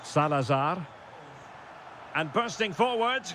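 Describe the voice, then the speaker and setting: A man's voice: fairly high pitch, expressive, slow pace, background noise. A man voicing a football play-by-play commentator in a video game, calling the action in short bursts that rise sharply at chances and goals. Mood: lively.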